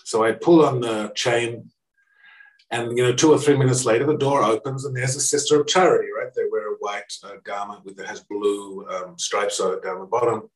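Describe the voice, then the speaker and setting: A middle-aged man from Australia, telling a personal anecdote in an animated way and acting out the voices he quotes. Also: normal speed. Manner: animated, acts out quoted voices with pitch jumps. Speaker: speaker. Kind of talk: anecdotal storytelling. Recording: echoey room, distant mic.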